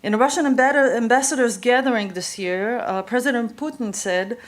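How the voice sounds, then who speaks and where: Woman giving a conference talk, slightly high voice, measured, reads from notes with a few uhs. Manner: measured, reading from notes with occasional fillers. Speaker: conference speaker. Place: conference hall.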